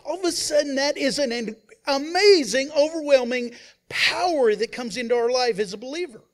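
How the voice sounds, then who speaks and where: A man preaching as a pastor, who swings between loud emphasis and quiet, hushed asides and acts out the voices he quotes. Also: very high-pitched, lively intonation, moderate pace. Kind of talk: sermon.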